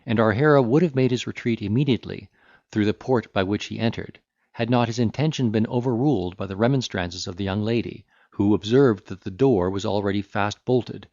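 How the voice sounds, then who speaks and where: A low-pitched man reads a classic novel aloud in a measured, formal way. The sound is dry and close with no room around it, and slightly dull, lo-fi in its frequency range. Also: a little mellow, no room sound. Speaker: audiobook narrator. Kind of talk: scripted narration of a classic novel.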